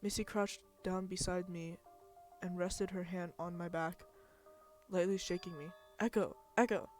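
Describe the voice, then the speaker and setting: A woman streamer who reads game text aloud and reacts with expressive, dramatic outbursts. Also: on the low side, measured pace, soft background music.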